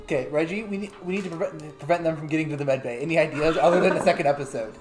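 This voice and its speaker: A man's voice: a little high, very fast, music in the background. A man playing in a tabletop game, talking hesitantly and repeating himself. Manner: hesitant, repeats words, laughs. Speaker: player. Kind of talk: casual tabletop game chat.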